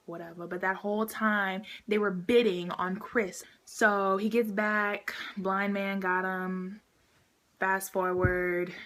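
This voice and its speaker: A woman's voice: mid-range voice, a little hiss or hum. Chatty woman vlogger recapping a movie. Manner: chatty, fillers like "like" and "um", acts out quotes.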